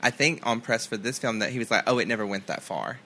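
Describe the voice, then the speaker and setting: A man guesting on a podcast in casual chat, animated and quick to laugh. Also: mid-range voice.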